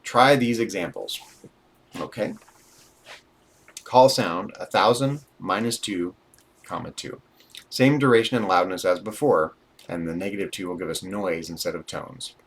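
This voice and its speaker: Reading aloud from a programming book in a live-streamed coding lesson, a low-pitched man speaks at a normal pace, then dictates numbers while he types. He thinks aloud with dry asides; keyboard typing and a faint hiss or hum are heard.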